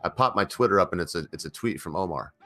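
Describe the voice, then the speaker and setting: A man's voice: low voice, expressive, fast, sharp tone. A man hosting his own channel, giving a casual, rambling opinion rant with emphatic bursts and many fillers and restarts. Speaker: channel host.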